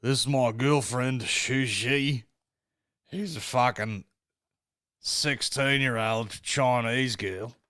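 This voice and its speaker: A man putting on a seedy middle-aged male reporter with a slow, swearing drawl. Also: mid-range voice, sharp tone, no echo, clean studio sound. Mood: casual.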